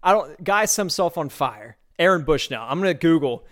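A man's voice: fairly high pitch, animated, a little fast, a bit bright. A man hosting a podcast, talking in a loose, sarcastic and incredulous way, rambling through his thoughts. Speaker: podcast host. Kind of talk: casual commentary.

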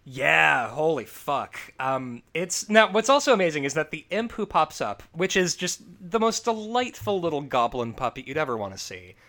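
A man talking about films in a casual, profane chat. His voice sits fairly high and swings up and down a lot as he gets worked up, and he breaks into laughter often. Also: very animated, normal speed, hardly any pauses, bright, forceful tone. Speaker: podcast host. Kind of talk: casual movie review chat.

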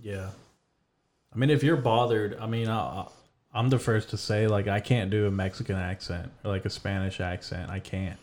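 A man hosting a podcast in casual chat, talking with a dry, deadpan sense of humor. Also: on the low side, moderate pace. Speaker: podcast host.

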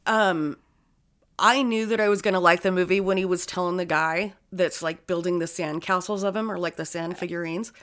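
A woman chatting casually, animated and swearing freely as she acts out funny stories. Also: lowish voice, normal speed. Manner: animated storyteller, swears often, acts out quotes. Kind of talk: casual chat.

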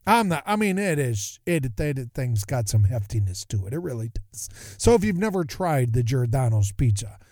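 Animated rambling male podcast host. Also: mid-range voice, normal speed, no room sound, clean studio sound. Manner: rambling, animated, self-interrupting. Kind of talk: casual monologue.

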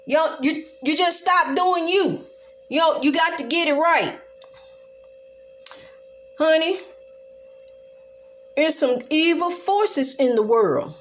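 A woman's voice: high-pitched, animated, slow pace, pauses often, slight background noise. A woman preaching in a fervent, repetitive monologue with a church cadence.

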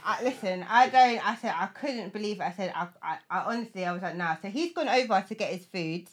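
A woman's voice: medium pitch, lively intonation, fast. A young woman telling a date story in casual chat, acting out quotes and laughing often.

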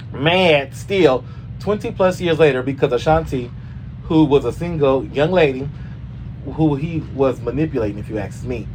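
A man hosting a casual gossip show, sassy and animated, often swooping up into high squeals. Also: slight background noise. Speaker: host.

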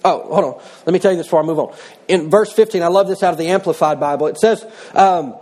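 A man's voice: high-pitched, fast talker, darkish tone. Man preaching a conversational sermon. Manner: conversational preaching with personal stories. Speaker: pastor.

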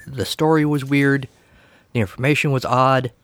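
A man hosts a podcast alone in a relaxed, chatty way. He drops wry, sarcastic asides. His voice sits at a middle pitch and sounds dry and close. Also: moderate pace, no room sound. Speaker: podcast host. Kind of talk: casual solo commentary.

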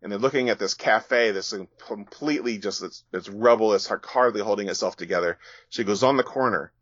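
A man narrates a comic chapter in a relaxed, easygoing way, pausing now and then to explain. His voice is lowish, and the sound is dull and dry. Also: no echo. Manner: relaxed storytelling with fillers and restarts. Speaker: guest author. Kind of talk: casual reading of a comic chapter.

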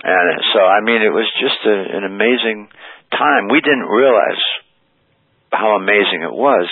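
Low husky older man on a phone line. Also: unhurried, no room sound. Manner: rambling anecdotes with many fillers. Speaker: interview guest, rock musician. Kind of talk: storytelling interview.

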